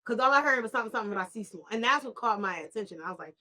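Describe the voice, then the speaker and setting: Podcast co-host, young woman, bright voice, animated storyteller. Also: a little high, very fast. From New York. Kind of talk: casual chat over wine.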